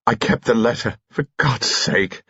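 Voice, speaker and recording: A man voicing an overwrought middle-aged aristocrat with an explosive temper in an audiobook, frantic and shouting. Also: mid-range voice, a little slow, husky, lo-fi sound, voice pushed up, full character voice.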